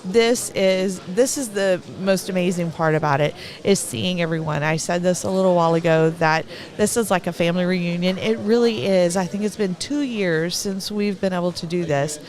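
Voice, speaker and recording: A woman's voice: lowish voice, normal speed, few pauses, darkish tone. A middle-aged woman with a Texan accent giving rambling, talkative live commentary at an event, laughing between thoughts.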